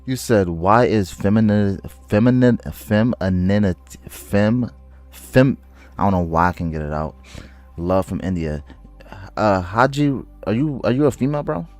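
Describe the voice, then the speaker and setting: Casual male streamer, very low voice, slangy and excitable, stutters and restarts his words. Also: moderate pace, faint music behind. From United States. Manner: loose slangy talk, calls viewers bro. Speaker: livestreamer. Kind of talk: casual livestream chat, reading viewer comments.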